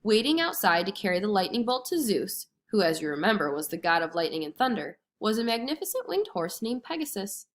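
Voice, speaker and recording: A woman reading a storybook lesson aloud to children with expressive, clear storytelling. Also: mid-range voice, brisk, few pauses. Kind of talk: storybook read-aloud narration.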